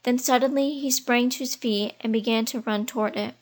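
A woman reading a children's animal storybook aloud in a gentle, measured way. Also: fairly high pitch, fairly even intonation. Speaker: audiobook reader. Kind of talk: storybook narration.

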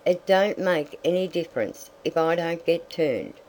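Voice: mid-range voice, a little slow, darkish tone, lightly acted, rough recording. A reader voicing a stoic, plain-spoken farm mother in an audiobook, firm and direct. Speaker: story character. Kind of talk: audiobook reading.

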